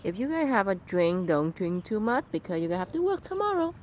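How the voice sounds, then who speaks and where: A mom vlogs outside in her yard on a handheld phone, her medium-pitched voice sing-song, a little mellow and fairly quick. She chats casually in simple broken English and keeps saying sorry, over slight background noise.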